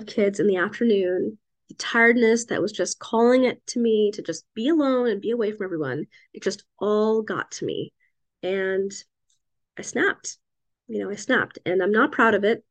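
Reflective woman telling a parenting story. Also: mid-range voice. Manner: conversational, often asks "right?" of listeners. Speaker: psychiatrist and parent sharing advice.

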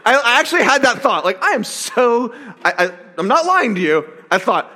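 A man's voice: very high-pitched, big pitch swings, normal speed, pushed and bright. A man preaching a sermon, candid and self-mocking, talking about his own faults. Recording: long reverb of a large hall.

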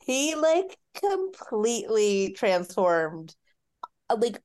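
A woman's voice: fairly high pitch, sing-song, slow pace, darkish tone. A woman co-hosting a casual podcast chat, talking loosely with lots of "like" fillers. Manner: chatty, leans on "like" fillers. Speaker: podcast co-host.

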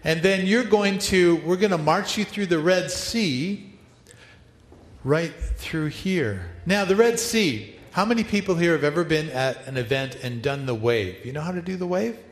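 A man's voice: a little high, lively intonation, moderate pace. A male pastor leading an interactive Bible story for his church, upbeat and playful as he directs the congregation. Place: large church hall. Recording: echoey hall, long reverb.

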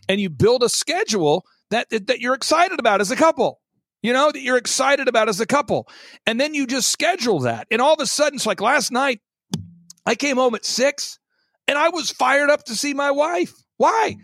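A man hosting a talk show, telling stories with lots of energy, emphatic and swinging between loud exclamations and low mocking impressions. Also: expressive, a little fast, dry recording. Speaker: podcast host. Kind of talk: animated storytelling chat.

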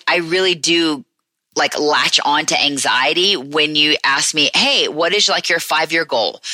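Woman, Southern accent, low pitch, casual rambling podcast talk, dry room. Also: sharp tone, no room sound. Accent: Southern American. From American South. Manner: chatty, rambling, many fillers. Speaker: podcast host. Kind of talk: casual chat.

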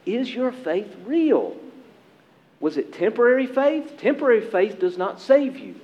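A man preaching a sermon as pastor, earnest and emphatic, with dramatic pauses. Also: high-pitched, big pitch swings, darkish tone, lo-fi sound.

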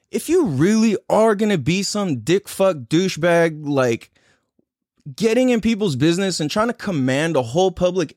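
Young guy podcast host ranting, swearing a lot, kinda high voice, dry sound. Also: dry recording. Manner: profane, heated, laughing as he tells it. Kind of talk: casual ranting story. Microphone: live stream on a phone.

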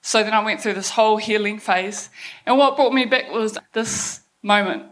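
A woman's voice: medium pitch, normal speed, a bit bright. A young woman with a New Zealand accent telling her life story on an event stage, blunt and swearing freely, laughing now and then. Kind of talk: candid personal story talk.

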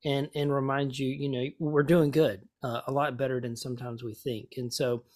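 A man, a pastor and author, telling stories as a guest in an interview, lively and often repeating words as he thinks. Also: medium pitch, moderate pace. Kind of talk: conversational storytelling.

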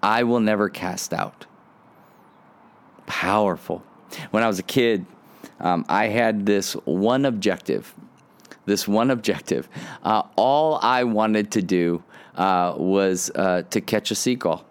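A man's voice: on the low side, slow, clear, resonant tone. A man hosting a devotional podcast, telling stories earnestly with frequent restarts and fillers. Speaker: podcast host and preacher.

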